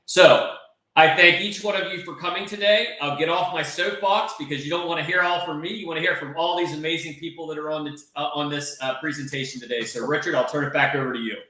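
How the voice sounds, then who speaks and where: A man's voice: fairly high pitch, steady tone, quick pace, pushed and bright, heavy reverb, rough recording. A man giving a rallying, preachy speech to an online round table, repeating his plans over and over. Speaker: organizer and speaker of a crypto round table. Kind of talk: enthusiastic speech to an online panel.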